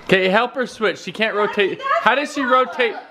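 A man's voice: high voice, normal speed. A man teasing and joking in a casual family vlog at home. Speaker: vlogger dad. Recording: noisy with family chatter behind.

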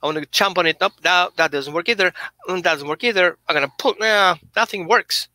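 A man voicing an eager, frustrated male pet dog that pleads excitedly for treats. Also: high voice, brisk, dry recording.

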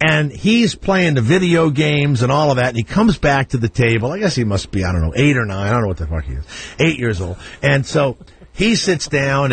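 A man's voice: mid-range voice, animated, normal speed, a little hiss or hum. A middle-aged man hosting a radio talk show, telling a profane, comic family story and acting out the voices.

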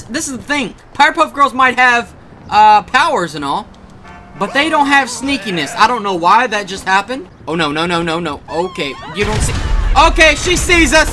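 Young-sounding guy yelling over his game, super high bright voice, pitch jumping all over, little hiss behind. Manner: hyped, shouting at the game, quick reactions. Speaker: gaming YouTuber. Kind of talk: excited gameplay commentary.

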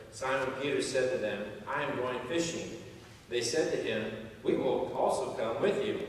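A pastor with a medium-pitched voice preaches a sermon in a large church sanctuary, weaving in stories and jokes and acting out the voices of the people in them. He's picked up from a distance, with echo and slight background noise.

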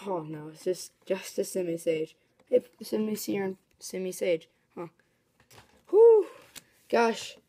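A woman vlogger chatting casually as she opens card packs, excitable and talkative, breaking into excited shrieks. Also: fairly low pitch, unhurried. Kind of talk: casual commentary while opening card packs.

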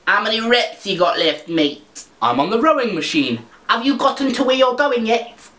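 A man's voice: high-pitched, sing-song, normal speed, bright, forceful tone, reverberant, pitched above the performer's own voice, exaggerated voice. A man voicing an aggressive, shaven-headed male gym bully who talks in a blunt, mocking way. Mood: taunting.

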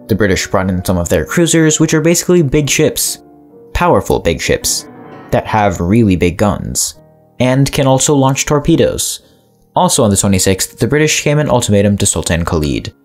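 A man's voice: lowish voice, very animated, moderate pace, faint music behind. A man narrating a scripted history explainer, dropping wry asides to the viewer.

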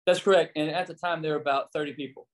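A former missionary turned pastor from the United States talks fast in a somewhat high voice while telling casual stories as an interview guest. Animated throughout, he voices the quoted exchanges in a raised tone.

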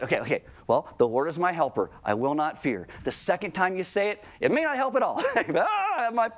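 A man preaching a sermon in a church, talking conversationally and acting out quoted voices with animation. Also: a little high. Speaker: pastor. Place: church sanctuary.

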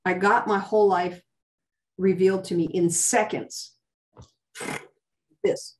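A woman gives an emotional personal testimony in a fervent voice, often restarting herself and lifting her pitch for emphasis. Her voice sits in a middle range and is picked up from a little way off the mic. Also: steady tone, slow. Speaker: guest sharing a testimony. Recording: voice distant from the mic.

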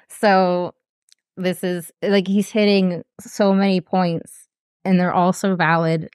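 A woman reacting to a music video in casual commentary, halting and emotional, with many fillers and apologies. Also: lowish voice, flat delivery, a little mellow, smooth, no echo, clean studio sound. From grew up poor.

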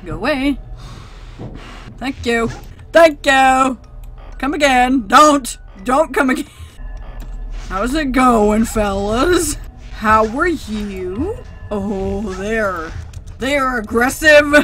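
A woman's voice: fairly high pitch, expressive, slow pace, bright, forceful tone, soft background music. A woman doing horror game commentary into a desk microphone, sarcastic and talking back to the characters, then screaming at the jump scares. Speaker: gaming channel host.

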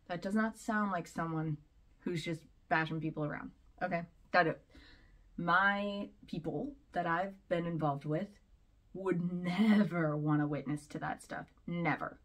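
A woman's voice: lowish voice, unhurried. Chatty rambling woman vlogger. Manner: rambling, chatty, laughs between points. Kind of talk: casual commentary.

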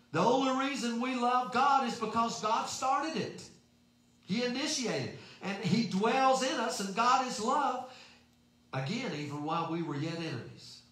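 A man's voice: high-pitched, fairly bright tone. A man preaching a sermon in a folksy, emphatic way, asking rhetorical questions. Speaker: pastor. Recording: very echoey room.

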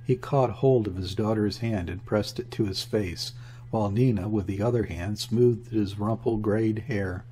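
A man narrating a classic novel in a steady, measured reading. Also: on the low side, slight background noise. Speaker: audiobook narrator. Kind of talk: scripted narration.

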